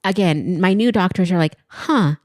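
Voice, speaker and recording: A woman's voice: lowish voice, expressive, fast talker, no room sound, clean studio sound. A woman in her thirties, co-hosting a podcast in casual chat and telling a story, acting out what other people said. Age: 30s. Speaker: podcast co-host. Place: podcast studio.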